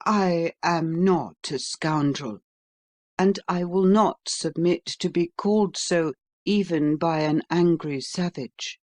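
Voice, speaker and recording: An audiobook reader voicing a calm, self-righteous gentleman who speaks in measured, contemptuous tones. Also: mid-range voice, natural voice. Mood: calm contempt. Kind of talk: audiobook character reading.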